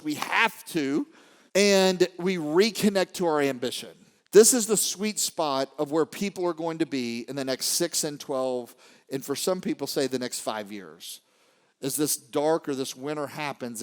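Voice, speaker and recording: A man giving an animated motivational talk to a live audience, swinging from quiet storytelling to shouting. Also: a little high. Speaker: motivational speaker. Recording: long hall reverb.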